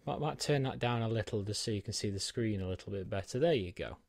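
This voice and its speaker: A man's voice: on the low side, quick pace, gravelly, darkish tone, no echo. Chatty man in a dry studio. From United Kingdom. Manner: chatty, self-deprecating, many ums. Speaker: tech reviewer. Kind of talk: unboxing and set-up walkthrough. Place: small home studio under a studio light.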